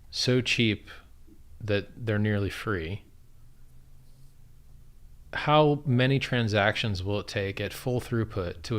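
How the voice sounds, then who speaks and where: A man's voice: on the low side, fairly bright tone. A man chatting casually on a livestream, blunt and profane, laughing at how absurd things get. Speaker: livestream guest and crypto founder.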